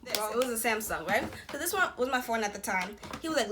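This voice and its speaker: A young woman vlogger telling a personal story in a casual, slangy, animated way, acting out what people said. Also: fairly high pitch, fast talker, noisy background. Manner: slangy, animated retelling with quoted voices.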